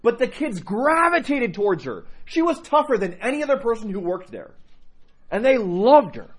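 A priest gives a conversational teaching talk to his congregation, telling stories animatedly and laughing along the way. His voice is high-pitched and slightly rough.

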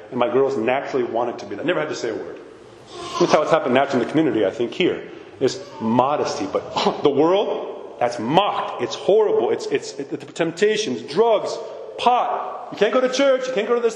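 A male priest preaching a blunt, animated sermon with mocking asides. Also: fairly high pitch. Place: church. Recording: echoey hall from far off.

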